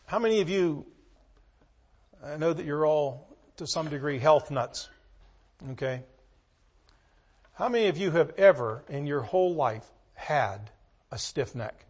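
Emphatic preacher man, somewhat high voice. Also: animated, breathy edge. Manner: emphatic, dramatic swings from hushed to loud; reads scripture in slow, measured tones. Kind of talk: sermon.

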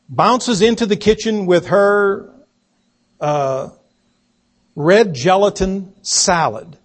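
A man preaching a sermon, telling a story slowly and deliberately and acting out the quoted voices. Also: high voice, slightly rough. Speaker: pastor.

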